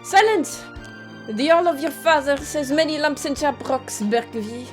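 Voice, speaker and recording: A woman's voice: a little high, expressive, measured pace, a little mellow, soft background music. A woman putting on a haughty pigeon noble with a mock French accent. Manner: imperious, dramatic, read aloud from a game.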